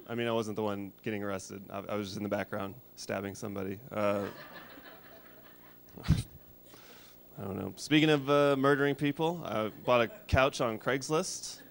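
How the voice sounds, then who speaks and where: A man in his thirties doing a stand-up comedy set, deadpan and rambling, shouting when he acts out characters. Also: medium pitch, slight background noise. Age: 30s.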